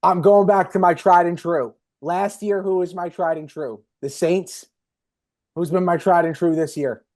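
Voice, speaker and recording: Upbeat young man talking sports picks. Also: high voice. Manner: energetic, rattles off picks quickly. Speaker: podcast co-host. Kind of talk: casual sports betting chat.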